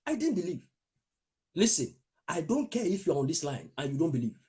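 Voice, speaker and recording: A man's voice: sits high, big pitch swings, fairly quick, breathy edge. A man preaching a fervent prophetic sermon, telling testimonies and speaking in tongues.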